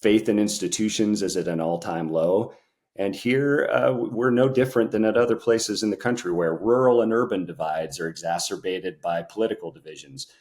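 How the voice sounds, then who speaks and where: A man from Central Oregon, a podcast guest, explaining his civic work in a measured way. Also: lowish voice, a little mellow. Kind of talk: interview answers.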